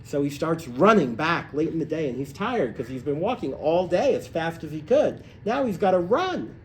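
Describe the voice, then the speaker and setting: Male class teacher, animated storyteller, slightly high voice, live room with faint ambience. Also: normal speed, a little hiss or hum. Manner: animated, acts out voices in stories, rises in pitch when excited. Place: hotel room, recorded live.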